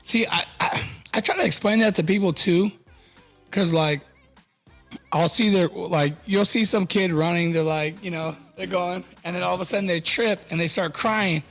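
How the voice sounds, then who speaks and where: A man hosting a podcast, chatting casually and acting out little scenes in an animated way. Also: high voice, normal speed, faint music behind. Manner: animated, plays out scenes in voices. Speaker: podcast host. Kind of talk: casual interview chat.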